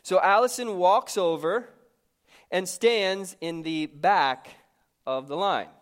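A man in his thirties, a pastor, telling a personal story in a sermon in a lively, conversational, self-mocking way. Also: sits high, slow.

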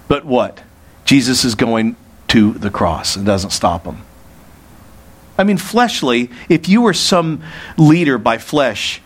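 A man preaching a sermon, his voice swinging between a low, steady teaching tone and sudden high, forceful bursts when he quotes speech. He talks to the congregation directly and asks them questions. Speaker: pastor.

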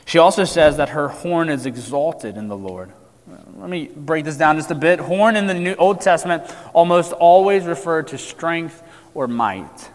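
Earnest preacher in a reverberant hall. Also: male voice, on the high side, lively intonation, normal speed. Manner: earnest, emphatic with wide swings in loudness. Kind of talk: sermon. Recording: long reverb of a large hall.

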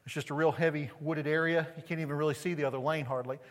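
Conversational pastor preaching in a reverberant hall. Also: male voice, on the high side, fairly even intonation, fast. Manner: conversational preaching with rhetorical questions to the congregation. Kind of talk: sermon. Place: church sanctuary.

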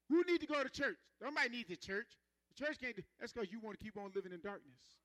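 A man preaching a sermon, stretching out key words and having the congregation repeat after him, then dropping to low asides. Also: lively intonation. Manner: emphatic, drawn-out stresses, calls on the congregation to repeat; swings between loud proclaiming and low soft asides.

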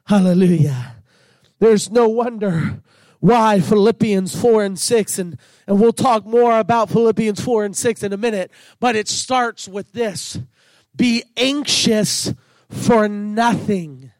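A man delivers a sermon with fervent emphasis, often rising to shouting. His voice sits unusually high for a man, and he takes his time with each phrase. The sound is dry and close, with no room echo. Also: slow. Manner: fervent preaching that swells into shouts. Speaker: pastor.

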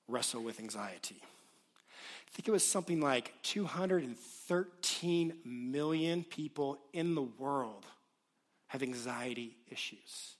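A man in his late thirties preaching a sermon, telling a personal story in an animated, self-deprecating way. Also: a little high. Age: late 30s. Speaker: pastor. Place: church auditorium with congregation.

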